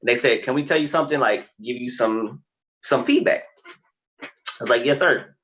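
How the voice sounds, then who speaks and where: A man's voice: medium pitch, fairly quick, fairly bright tone. A man from Texas, a guest on a podcast, telling stories casually and animatedly, acting out other people's lines and swearing freely. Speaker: guest, creator of the wobble dance and wrestler.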